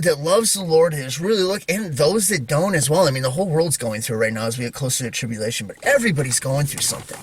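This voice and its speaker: Halting man telling a personal story. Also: fairly high pitch, a bit bright, breathy edge, no echo. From Idaho. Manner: halting, many fillers and restarts, chuckles. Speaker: Christian video maker.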